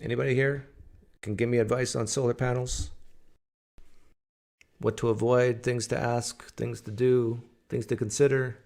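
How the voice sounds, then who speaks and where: A man's voice: mid-range voice, flat delivery, normal speed, creaky, pauses often, a little mellow. A man hosting a livestream from home, chatting casually and answering viewers' comments aloud. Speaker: livestream host. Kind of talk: casual live chat with viewers.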